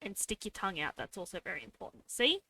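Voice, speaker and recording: A woman's voice: mid-range voice, very animated, fast talker, gravelly, pushed and bright. A young woman streaming casually, talking to herself as she draws and adding playful little sound effects. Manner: talks to herself while drawing, adds playful sound effects. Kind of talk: casual live-stream chatter while drawing.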